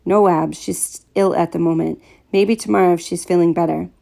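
A woman's voice: lowish voice, fairly even intonation, normal speed, gravelly, dark tone. A woman reading a story aloud, voicing a worried father who sounds hesitant and guarded. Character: worried father, evasive, on the phone.

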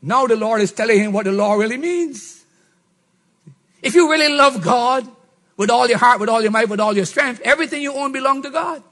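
A middle-aged man preaching a sermon, swinging from shouts to low murmurs. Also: fairly quick. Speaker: pastor.

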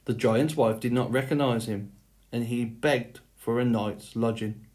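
A man reading a fairy tale aloud in a slow, measured storytelling manner. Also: medium pitch, steady tone, darkish tone. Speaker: storybook reader. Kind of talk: scripted fairy tale narration.

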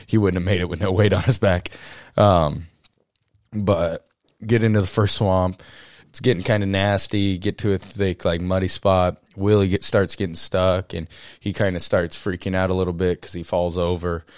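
A man's voice: low voice, no room sound, studio quality. A young man co-hosting a podcast, telling a long story in a rambling, casual way with lots of "you know" and "uh". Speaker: podcast co-host.

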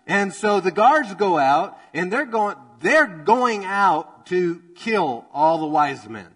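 Energetic man preaching, fairly high voice. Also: normal speed, hardly any pauses, rough recording. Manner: energetic, conversational, joking, with dramatized quotes. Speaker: pastor. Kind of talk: sermon.

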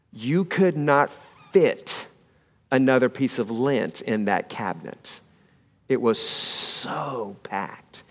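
A man preaching a sermon as pastor, telling a homely story, swinging between loud emphasis and hushed asides. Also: medium pitch. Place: church sanctuary. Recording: long hall reverb.

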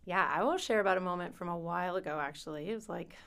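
A woman guest, a teen minister, telling a personal faith story on a podcast in a soft, reflective way with pauses. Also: on the low side, vocal fry, clear, resonant tone.

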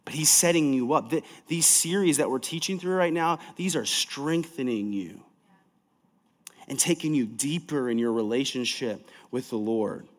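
A man preaching a sermon as pastor of a large church, emphatic and energetic, swinging from loud to soft. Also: medium pitch, normal speed, long reverb tail.

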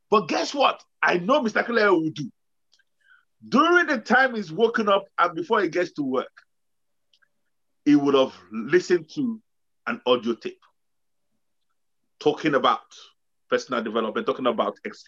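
A man's voice: high-pitched, a bit bright, muffled recording. A man in casual motivational chat, telling a story and acting out quotes with bursts of energy.

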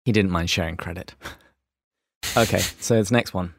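An Australian man with a fairly low voice co-hosts a podcast in casual chat. He is playful and quick to laugh. His voice sounds very dry and close, recorded in a closet studio. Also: dry recording. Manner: playful, chuckles often. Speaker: podcast co-host.

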